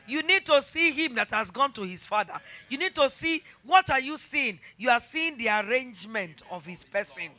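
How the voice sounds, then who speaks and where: A middle-aged woman pastor with a Nigerian accent preaching a sermon, emphatic and repeating her phrases as she builds to shouted exhortation. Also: fairly high pitch, lively intonation, moderate pace.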